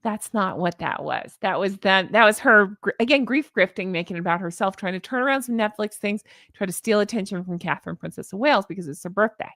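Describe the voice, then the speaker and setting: A woman's voice: mid-range voice, quick pace, few pauses, fairly bright tone, no echo, studio quality. A woman hosting a casual commentary vlog, sarcastic and exasperated as she rants. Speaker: YouTube commentary host.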